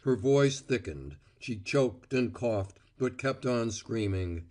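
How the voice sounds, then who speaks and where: A man narrating an audiobook in a measured, expressive reading. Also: medium pitch. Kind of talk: scripted narration.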